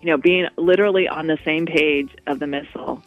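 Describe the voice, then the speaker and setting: A woman's voice: sits low, steady tone, a little fast, no echo, faint music behind. A woman guest in a radio interview, talking in a rambling way with many restarts. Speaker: guest, walk co-founder. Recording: dull lo-fi radio audio.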